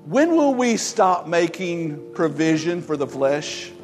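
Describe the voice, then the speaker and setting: Male pastor, emphatic exhorting sermon delivery, fairly high voice, faint instrumental bed. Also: big pitch swings, slow pace, faint music behind.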